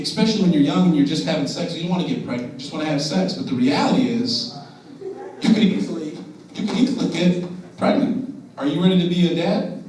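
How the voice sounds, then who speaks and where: A man's voice: a little high, darkish tone. A young man speaks earnestly to students at a school assembly as a motivational speaker, asking them questions and urging them to listen. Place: large echoey school room. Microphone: distant from the recording device. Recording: very echoey hall audio from a distance.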